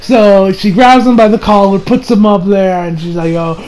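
A man giving a casual anime review, excited and rambling, who swears now and then. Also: high-pitched, normal speed, background noise.

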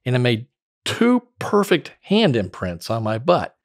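A man's voice: medium pitch, unhurried, no room sound, clean studio sound. A middle-aged man telling stories with lots of laughter as a podcast guest. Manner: animated storyteller, laughs often. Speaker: podcast guest, former sales director. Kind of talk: casual storytelling interview.

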